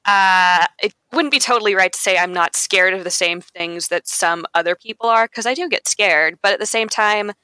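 A woman's voice: lowish voice, sharp tone, smooth, dry recording. A woman guest on a podcast in casual chat, articulate and wordy, playfully dramatic.

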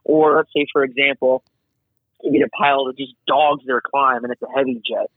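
A man working as an air traffic controller, talking casually and animatedly as an interview guest, explaining his job with quick asides, heard over a remote call. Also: medium pitch, dry recording. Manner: animated, chatty, acts out radio calls. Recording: tinny phone-like line.

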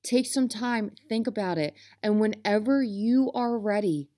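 A woman's voice: medium pitch, a little slow, warm tone. A woman with an ordinary mid-range voice delivers a motivational self-help talk. She speaks straight to her listeners, earnest and passionate. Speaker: self-help podcast host.

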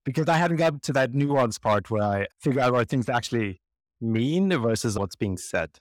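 This medium-pitched voice belongs to a Swedish man being interviewed, who tells stories conversationally at a moderate pace. He's animated, performing the voices of people he quotes, and the recording has no room sound.

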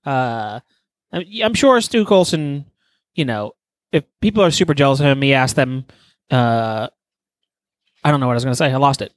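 A man's voice: mid-range voice, lively intonation, moderate pace, pauses often, no echo. A man co-hosting a podcast, teasing playfully in crude casual banter and laughing often. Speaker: podcast co-host.

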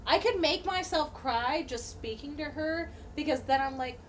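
A woman's voice: high-pitched, moderate pace, a little hiss or hum. A young woman co-hosting a podcast, chatting casually, giggling, teasing and swearing freely. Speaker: podcast co-host. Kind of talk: casual chat.

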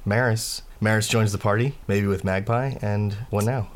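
A man narrating a tabletop role-playing game as game master, in a relaxed, rambling way. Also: on the low side, normal speed.

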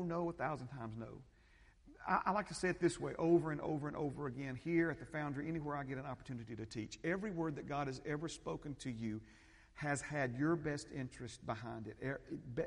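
Male pastor, sermon delivery, slightly high pitch, emphatic with repeated phrases, long hall reverb. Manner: repetitive, emphatic, rising to fervent peaks. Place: church sanctuary.

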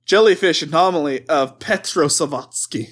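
A man with a slightly higher voice reads a list aloud on a casual podcast. He laughs at his own stumbles and swears when he trips over a word. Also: normal speed. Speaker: podcast host reading cryptid lore. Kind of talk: casual chat, reading aloud.

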